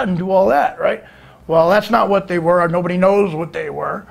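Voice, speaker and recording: A man telling a rambling, profane story in a casual way, breaking into shouts now and then. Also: high-pitched, fast, creaky, slightly rough. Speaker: guest storyteller.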